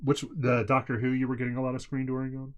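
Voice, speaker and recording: A man's voice: medium pitch, completely flat delivery. A man from Ohio, co-hosting a podcast, chatting casually, asking curious questions and telling stories loosely. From Ohio, USA. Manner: curious, quick interjections, loose storytelling. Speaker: podcast co-host. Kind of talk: casual chat.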